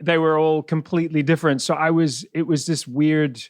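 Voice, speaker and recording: A man's voice: on the high side, steady tone, a little fast, no echo, studio quality. A middle-aged man from New Zealand with a blended New Zealand and West Indian accent, chatting as a podcast guest and telling stories with frequent laughs. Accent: mixed New Zealand and West Indian. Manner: chatty storyteller, laughs often. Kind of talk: casual podcast conversation.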